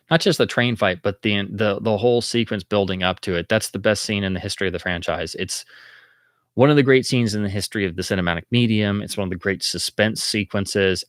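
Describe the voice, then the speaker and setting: A man with a low-pitched voice talks through film history on his livestream, casual and excitable. He jumps up high when he acts out an audience's alarm, and the sound is dry and close. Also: no room sound. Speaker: livestream host.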